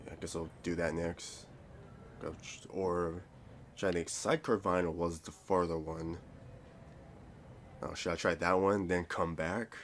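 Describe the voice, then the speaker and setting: Low-voiced man reading a game aloud, loose and rambling, light hiss behind. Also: steady tone, a little slow, pauses often, fairly bright tone. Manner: rambling, stumbles and restarts, self-mocking asides. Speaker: player reading a visual novel aloud.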